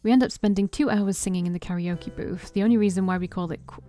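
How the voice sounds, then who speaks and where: A woman's voice: medium pitch, fast, dark tone, soft background music. A woman reading a visual novel aloud as the main character, with wry asides.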